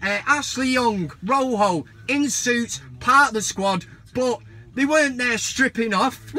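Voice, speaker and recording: A man's voice: very high voice, measured pace, sharp tone. A man hosting a football vlog, ranting heatedly and mockingly with plenty of swearing.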